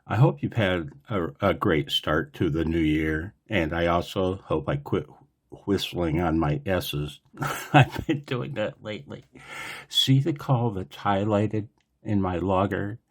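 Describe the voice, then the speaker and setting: Low, husky man for a laid-back radio hobby vlog, slow and chatty, wanders off topic. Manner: rambling, chatty, digressive. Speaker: amateur radio operator. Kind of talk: casual explanatory vlog.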